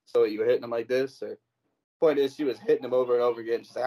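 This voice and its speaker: A man's voice: mid-range voice, steady tone, very fast, mellow, rough recording. A young man co-hosting a podcast, talking bluntly and swearing in casual chat. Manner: blunt, swearing, asks questions. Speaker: podcast co-host.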